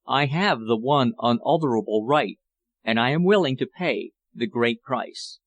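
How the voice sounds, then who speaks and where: A man's voice: medium pitch, a little slow, no echo, close to an everyday voice. A man voicing a passionate, scornful foreign suitor who speaks fervently and declaims his love. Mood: tender.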